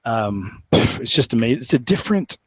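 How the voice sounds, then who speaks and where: A man's voice: mid-range voice, big pitch swings, normal speed, breathy edge, no room sound, poor audio. A man from Oklahoma, hosting a live show in a casual, rambling, earnest way and laughing often. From Oklahoma, USA. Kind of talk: casual live-stream chat.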